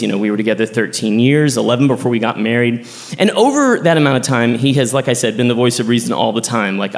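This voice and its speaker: A man from Texas telling a personal story on stage at a live show, animated and chatty, full of "like.". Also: fairly high pitch, long reverb tail. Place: theater stage before a live audience.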